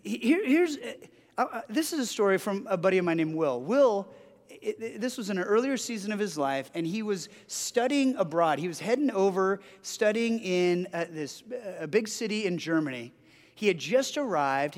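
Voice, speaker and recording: A man preaching a sermon as pastor, telling stories earnestly with frequent restarts. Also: a little high. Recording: long hall reverb.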